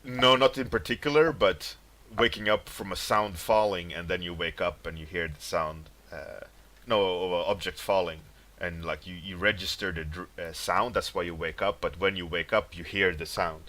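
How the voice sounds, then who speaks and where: A man with a low, bright, pushed voice talks at a moderate pace with fairly even intonation. He's a livestreaming artist in casual stream chat, rambling about dreams, laughing a lot, and reading viewers' chat names aloud to greet them.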